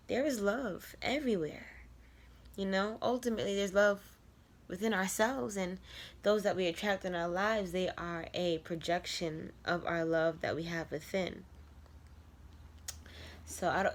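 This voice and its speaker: Earnest woman with a low voice. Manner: earnest, heartfelt, rambling with many fillers. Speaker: content creator. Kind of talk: reflective personal vlog monologue.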